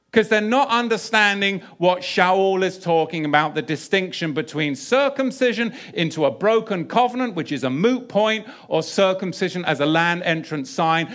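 A man with a voice on the high side preaches a sermon, alternating loud, emphatic bursts with quieter scripture reading. He uses many rhetorical questions and repeated phrases.

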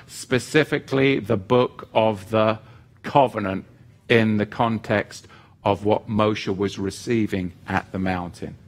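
A middle-aged man preaching a sermon, animated, moving between intense emphasis and joking asides. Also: medium pitch.

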